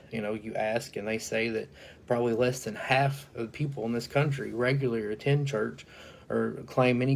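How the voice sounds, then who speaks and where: A man's voice: medium pitch, creaky, slight background noise. A man giving an informal Bible teaching, talking conversationally with frequent fillers and reading scripture aloud. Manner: conversational, many "you know" fillers, reads scripture aloud. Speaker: preacher.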